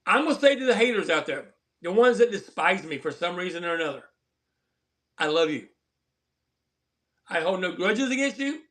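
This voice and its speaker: A man's voice: high voice, big pitch swings, normal speed, long pauses, fairly bright tone. A man hosting a live stream, chatting in a rambling, earnest and preachy way to his viewers. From southern Colorado. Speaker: livestream host. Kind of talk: casual livestream chat.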